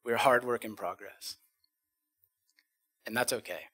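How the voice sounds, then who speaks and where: A man on a conference stage performing spoken-word poetry, rhythmic and dramatic, swinging from loud bursts to hushed lines. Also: medium pitch, measured pace, breathy edge, soft background music. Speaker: conference speaker.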